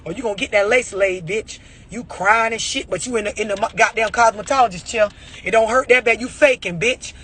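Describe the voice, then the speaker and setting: A man's voice: high voice, a little fast, pushed and bright, husky. A man giving a blunt, profane motivational rant about overreacting, full of rhetorical questions. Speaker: motivational speaker.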